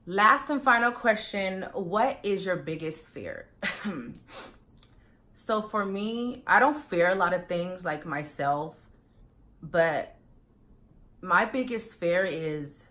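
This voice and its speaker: Chatty young woman with a low voice. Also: animated, slow pace, pauses often, pushed and bright. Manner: chatty, addresses viewers as you guys, many fillers. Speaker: vlogger. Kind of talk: casual get-to-know-me chat.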